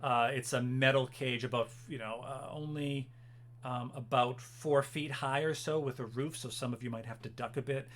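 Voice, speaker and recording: A man's voice: mid-range voice, fairly even intonation, moderate pace, fairly bright tone. A man narrating as game master of a tabletop game, hesitant and full of fillers. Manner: hesitant, full of ums and uhs.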